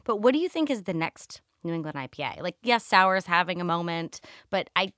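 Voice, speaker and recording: A woman's voice: on the low side, lively intonation, fairly quick, a bit bright, no echo, studio quality. A woman hosting a podcast, asking curious, chatty questions in a casual interview. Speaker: podcast host.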